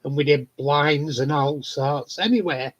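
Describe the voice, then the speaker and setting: Slow-talking man, laughing. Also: fairly high pitch. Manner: chatty storyteller, swears freely, laughs often. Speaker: live stream host. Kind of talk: casual chat. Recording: dull lo-fi sound.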